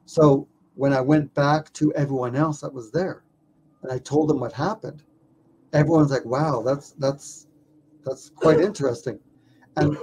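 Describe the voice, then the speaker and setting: A man who is a documentary filmmaker, telling a story in an interview with lively stammers and repeated words. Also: a little high, breathy edge.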